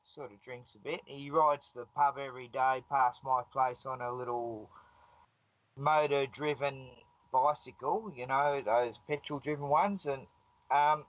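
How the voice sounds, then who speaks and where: A man's voice: a little high, no echo, lo-fi sound. Rambling Australian man on a call. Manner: rambling, laughing, digressive storyteller. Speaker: guest. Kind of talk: casual storytelling on a live stream call. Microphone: video call.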